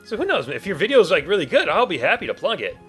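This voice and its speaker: Guy rambling over a game playthrough, lively swingy voice, faint game music behind. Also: high-pitched, quick pace. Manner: rambling, animated, self-correcting. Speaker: gaming YouTuber. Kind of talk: let's play commentary.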